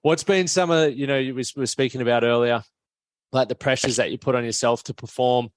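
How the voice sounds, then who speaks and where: A man hosting a podcast, asking rambling, relaxed questions with many "yep" backchannels. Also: medium pitch, fairly quick, no room sound. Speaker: podcast host. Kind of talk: casual interview hosting.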